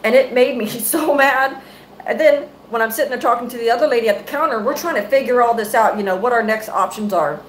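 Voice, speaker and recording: A woman's voice: a little high, brisk, a little hiss or hum, low-quality recording. A middle-aged woman, a mother, angrily venting to her viewers on a live stream, cursing freely and close to her phone mic. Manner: angry, profane, venting.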